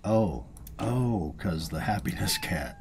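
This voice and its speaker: Southern man for relaxed game commentary; folksy, self-amused, deep and mellow. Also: slow. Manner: chatty, folksy and self-amused, chuckling often. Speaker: let's play host. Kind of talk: casual gameplay commentary.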